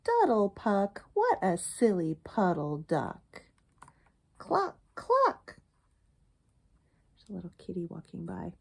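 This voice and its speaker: A woman reading a picture book aloud for children, pausing to comment on the pictures and ask the listener questions. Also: on the low side, vocal fry, slightly rough. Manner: animated, expressive reading.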